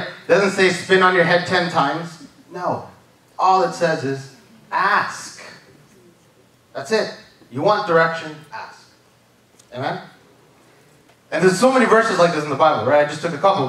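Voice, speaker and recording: A man's voice: a little high, a bit bright. Guy preaching at church, chatty, keeps asking right? amen?, sounds far off in a big echoey room. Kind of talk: sermon. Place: church service.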